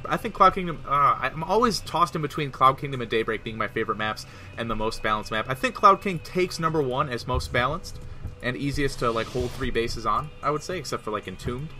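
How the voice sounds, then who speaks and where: A man casting a live game as host, chatty and animated with the audience. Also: medium pitch. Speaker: esports caster.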